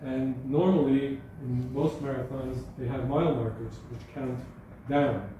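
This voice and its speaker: Speaking a little slowly in a dark, medium-pitched voice with a steady tone, a male guest speaker addresses a school gathering in a hall. He is chatty and anecdotal, often stopping to correct himself mid-sentence. The recording is dull and echoey, taken far from the mic, with faint background noise.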